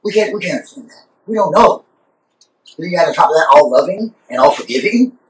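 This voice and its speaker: An archbishop with a high, expressive voice leads an informal church roundtable, talking quickly and animatedly with frequent repeats and restarts. The room is echoey and the mic distant.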